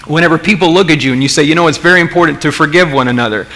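A man's voice: a little high, rapid-fire, bright, forceful tone. A man preaching a sermon as pastor, conversational, with rhetorical questions and frequent restarts. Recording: long reverb of a large hall.

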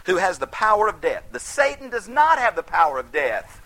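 A man's voice: high-pitched, very animated, moderate pace, hardly any pauses, sharp tone, low-quality recording. A man teaching the Bible in a folksy, emphatic sermon style that flares into heated outbursts.

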